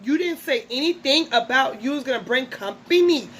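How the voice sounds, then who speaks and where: A woman's voice: mid-range voice, flat delivery, takes it slowly, a little hiss or hum, close to an everyday voice. A woman voicing a hurt, indignant woman from a reality show, with a loose stab at an accent. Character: upset woman cast member with an accent.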